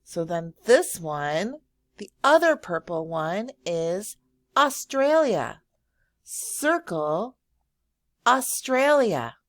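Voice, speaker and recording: A woman teacher giving a slow, encouraging lesson to young children, drawing out words and praising often. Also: mid-range voice, very animated, fairly bright tone, no echo, studio quality. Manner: drawn-out words, frequent praise and thinking hums.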